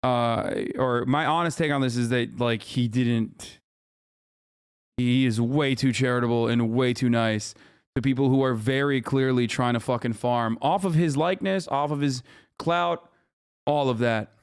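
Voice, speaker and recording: A man's voice: mid-range voice, steady tone, measured pace, clean tone, no room sound, clean studio sound. A man hosting a livestream, ranting in heated, exasperated commentary with heavy swearing. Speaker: livestream host reacting to videos.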